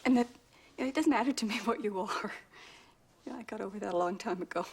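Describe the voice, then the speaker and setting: A tender, husky-voiced mother. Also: medium pitch, fast talker. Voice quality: husky, soft, half-whispered. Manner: emotional, hesitant, tender. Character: mother speaking tenderly to her grown son. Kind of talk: TV drama dialogue.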